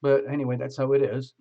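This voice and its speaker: Man, livestream host, chatty, jokes with viewers, husky voice, muffled audio. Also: medium pitch. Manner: chatty and joking, greets viewers by name. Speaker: tarot reader hosting a live stream. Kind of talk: live stream chat, reading viewer comments.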